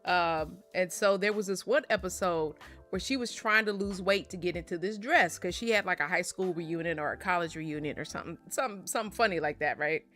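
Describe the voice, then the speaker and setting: A woman's voice: lowish voice, fairly quick, a bit bright, soft background music. Chatty, laughing woman vlogger. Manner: chatty storyteller, laughs often. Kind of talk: casual chat while opening card packs.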